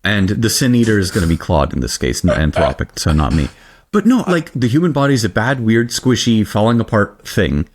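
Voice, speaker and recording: A man's voice: lowish voice, brisk. A man co-hosting a podcast in casual chat, rambling animatedly and joking at his own expense. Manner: animated, rambling, self-deprecating. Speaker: podcast co-host.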